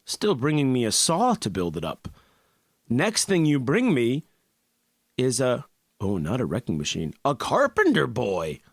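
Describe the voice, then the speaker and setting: A man's voice: mid-range voice, huge pitch swings, measured pace, no echo, studio quality. A man teaching an online music class, playful and upbeat, mixing sung lines with spoken explanation. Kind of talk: online music lesson with singing.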